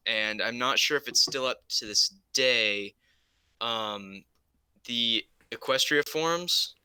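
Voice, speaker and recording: A man's voice: medium pitch, pushed and bright, clear, resonant tone, no room sound, rough recording. A man answering interview questions as a guest, hesitant and thinking aloud. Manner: hesitant, with "um" and "actually".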